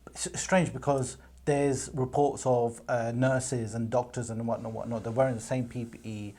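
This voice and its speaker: A man in a casual discussion who asks questions and thinks out loud, often restarting his sentences. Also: medium pitch, level tone, moderate pace. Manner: thoughtful, questioning, hesitant with restarts.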